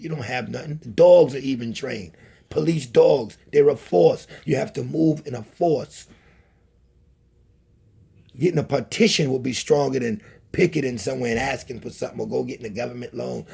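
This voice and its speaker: Gravelly, husky man lecturing. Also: fairly high pitch, a little mellow. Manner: lecturing, scolding, repetitive. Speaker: channel host. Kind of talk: preachy monologue to camera.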